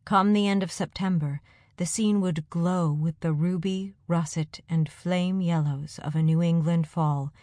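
A woman narrating a first-person audiobook in an even storytelling delivery. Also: fairly low pitch, measured pace, dry recording. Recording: dry close studio sound.

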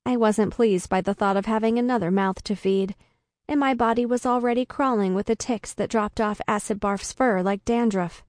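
A woman reading a first-person story aloud in a deadpan comic way. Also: medium pitch, normal speed, no room sound, studio quality. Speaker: narrator. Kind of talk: first-person audiobook narration.

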